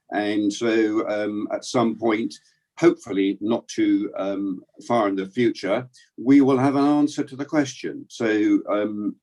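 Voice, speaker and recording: Hesitant, low-voiced male councillor. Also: a little mellow. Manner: measured, hesitant, many fillers. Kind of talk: formal committee debate. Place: remote council meeting.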